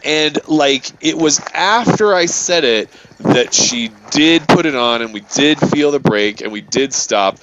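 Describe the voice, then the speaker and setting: Animated man rambling through a story. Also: fairly high pitch, measured pace, hardly any pauses, muffled recording, background noise. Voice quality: profane, filler-heavy, animated retelling. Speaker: gaming channel host. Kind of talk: rambling storytelling over gameplay.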